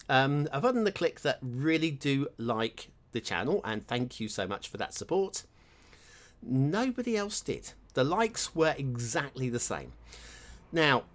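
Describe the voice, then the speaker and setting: A man's voice: medium pitch, fairly bright tone. A man hosting his own gaming channel, chatting and thinking aloud while commenting on his gameplay.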